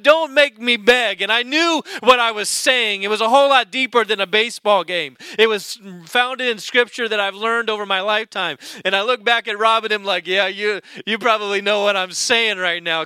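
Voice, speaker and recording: A man's voice: high voice, bright, forceful tone, clean tone, no echo. A middle-aged man preaching a sermon, telling a story with animation and acting out the voices of people in it. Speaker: pastor.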